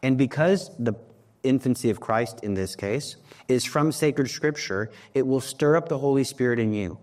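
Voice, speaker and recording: A man's voice: mid-range voice, moderate pace, a little mellow. A man preaching a sermon on prayer, earnest, building to emphatic peaks.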